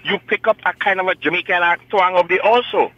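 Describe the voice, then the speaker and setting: A man's voice: sits high, brisk, pushed and bright, dry recording. A man with a Grenadian accent calling in to a radio talk show, chatting in a loose, rambling, teasing way. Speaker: caller. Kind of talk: casual call-in chat. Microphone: telephone. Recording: muffled phone line.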